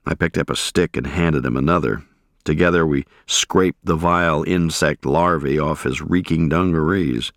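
A man with a very low voice reads a first-person war memoir, measured and grave. The recording is dry and close, with no room echo. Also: a bit bright. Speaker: audiobook narrator.

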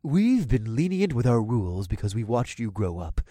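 Casting: man doing a beady-eyed weasel of a man, grudging and sneering, lively pitch. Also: normal speed, no echo. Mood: condescending. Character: sly, weaselly grumbling man Carl.

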